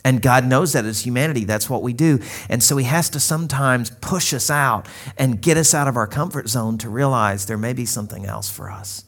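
This is a man in his thirties from Arkansas, delivering a sermon. He tells it as a personal story in a relaxed, conversational way and acts out the lines of the people in it. His voice sits in an ordinary middle range. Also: mid-range voice, fairly quick. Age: 30s. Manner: conversational storytelling with acted-out quotes. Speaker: pastor.

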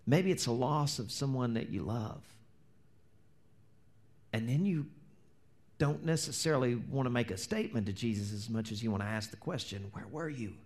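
Man, pastor, sermon, animated delivery, acted-out quotes, mid-pitched voice. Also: moderate pace, long pauses. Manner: animated preaching, acts out quoted prayers, drops to near-whispers.

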